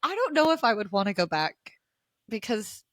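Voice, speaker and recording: A young woman co-hosting a podcast in casual book chat, talkative, now and then mimicking characters in a high mocking voice. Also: very animated, normal speed, fairly bright tone, dry recording, clean studio sound. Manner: chatty, acts out characters' lines in a high mocking voice. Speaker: podcast co-host.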